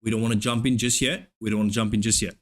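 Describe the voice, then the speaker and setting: A young man from Australia with an Australian accent, streaming live trading commentary in a profane, hyped play-by-play with excited oohs. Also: fairly low pitch, very fast. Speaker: live-streaming futures trader.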